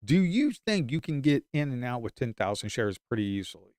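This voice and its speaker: A man's voice: medium pitch, very animated, fairly quick, darkish tone, smooth, dry recording, clean studio sound. A man giving live stock trading commentary in an emphatic, repetitive way.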